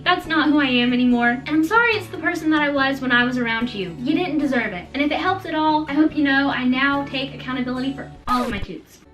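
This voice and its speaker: A woman in her twenties telling funny childhood stories to her vlog audience in a casual, animated, self-mocking way. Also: sits high, far from the mic, poor audio. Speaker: storytime vlogger. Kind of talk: casual storytelling.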